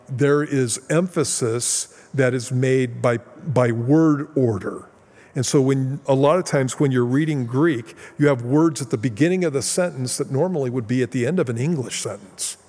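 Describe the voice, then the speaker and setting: A man's voice: mid-range voice, a little mellow, long reverb tail. A man preaching a sermon as pastor, explaining Bible verses with plain, casual asides.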